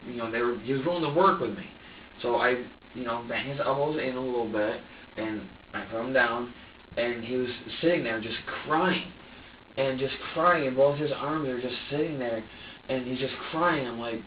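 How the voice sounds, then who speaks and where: A man being questioned by police, talking in halting bursts, repeating words and swearing as he quotes himself. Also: mid-range voice. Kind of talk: police interrogation recording. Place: interrogation room. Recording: roomy, distant, dull with hiss.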